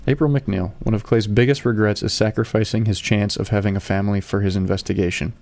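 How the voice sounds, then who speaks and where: A man playing a tabletop game, reading his character's notes aloud in a halting way. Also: on the low side. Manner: excited, swearing, reading haltingly. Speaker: player.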